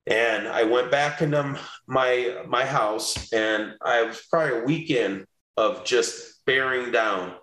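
A man's voice: mid-range voice, takes it slowly, few pauses, fairly bright tone. Earnest man telling his story, roomy sound. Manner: earnest storytelling, acts out quoted voices. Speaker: interview guest. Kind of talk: personal testimony in an interview. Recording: roomy echo.

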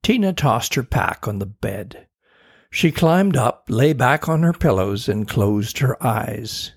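A man reading a children's chapter book aloud in a steady, deliberate way. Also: medium pitch, gravelly, slightly rough. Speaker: narrator.

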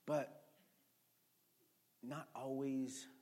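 A middle-aged male pastor preaching a sermon, swinging from shouting to near-quiet storytelling and calling on the congregation with questions. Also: mid-range voice, little pitch movement, extremely slow.

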